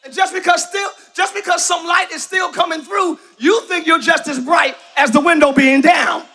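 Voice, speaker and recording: A man preaching a live sermon in a church, shouting his points and calling on the congregation to answer. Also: extremely high pitch, moderate pace. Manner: preaching with shouted emphasis and call-and-response to the congregation. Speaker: pastor. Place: church sanctuary.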